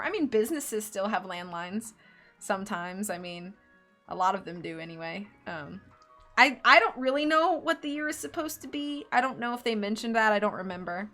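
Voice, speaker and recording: A woman's voice: mid-range voice, animated, normal speed, sharp tone, soft background music. A woman streamer reading a book aloud live and chatting in giggly, rambling asides.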